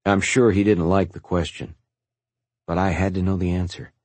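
A man with a very low, husky voice reads a first-person story in a calm, reflective way. The recording is dry and close, with no room around it. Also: moderate pace, no room sound. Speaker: narrator. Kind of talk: first-person audiobook narration.

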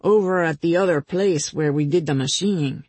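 A reader voicing a nervous, over-eager male henchman who talks in a hurried, pleading way. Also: mid-range voice, darkish tone, breathy edge, no echo. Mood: defensive. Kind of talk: audiobook character reading.

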